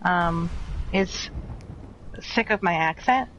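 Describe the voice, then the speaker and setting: A woman's voice: fairly low pitch, slow pace, muffled recording. A woman and mother with a Boston accent, chatting casually, blunt and full of swearing. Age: adult, mother of children. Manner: blunt, swears often, rambling. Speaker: chat participant. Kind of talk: casual chat. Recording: noisy home mic with clicks.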